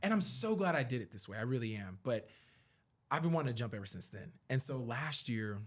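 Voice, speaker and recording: A man in casual conversation as a podcast guest, telling a story in an earnest tone and acting out conversations with big jumps in pitch and loudness. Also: sing-song, brisk. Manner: earnest and reflective when talking about his work and faith.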